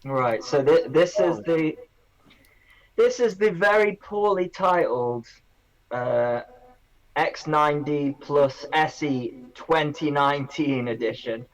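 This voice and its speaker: A man's voice: a little high, slow pace, rough recording. A man on a podcast, rambling through a review of drone gear with lots of restarts in casual banter.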